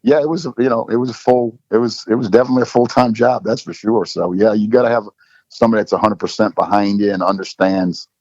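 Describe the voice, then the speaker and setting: A man's voice: on the low side, steady tone, quick pace, darkish tone, no room sound. A middle-aged man, a football coach, telling stories in a casual interview with lots of "you know" fillers. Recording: dull lo-fi dry recording.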